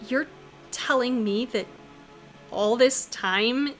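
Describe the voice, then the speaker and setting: A woman streamer reacts out loud to a story game, exclaiming, swearing and laughing along the way. Her voice is bright and sits a little high for a woman. Faint game music runs underneath. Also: takes it slowly.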